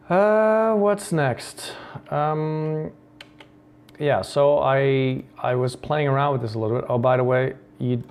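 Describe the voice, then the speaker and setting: A man from the Netherlands hosts a screen-recorded coding tutorial in a mid-range, slightly mellow voice. He thinks aloud, with many ums and restarts.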